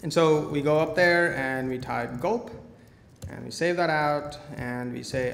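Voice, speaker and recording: A man's voice: on the high side, measured pace, gravelly, fairly bright tone. A man giving a live coding talk at a conference, with playful, joking asides. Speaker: conference speaker. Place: large conference hall. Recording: echoey hall, faint noise.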